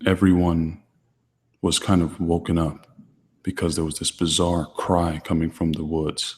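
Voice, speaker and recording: A man hosting his channel, answering viewer questions in a calm, deliberately quiet, restrained way. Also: sits low, big-room sound. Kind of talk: low-key livestream chat.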